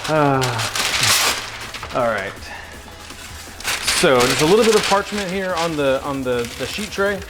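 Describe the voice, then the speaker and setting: A man's voice: a little high, lively intonation, unhurried, long pauses, loud music behind the voice. A man hosting a casual cooking livestream from his home kitchen, joking with chat and his pets as he cooks. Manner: goofy, jokey, talks to chat and pets while cooking.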